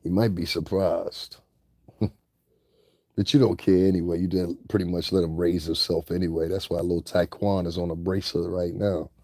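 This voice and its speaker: A man's voice: deep voice, flat delivery, normal speed, darkish tone, dry recording, studio quality. A man vlogging in a confrontational rant, profane and taunting, breaking into laughter at times.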